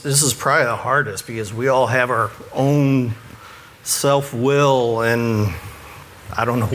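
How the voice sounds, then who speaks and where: A man's voice: mid-range voice, a bit bright, a little hiss or hum. Earnest man giving faith advice. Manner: earnest, self-deprecating, chuckles at his own stories. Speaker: church ministry worker.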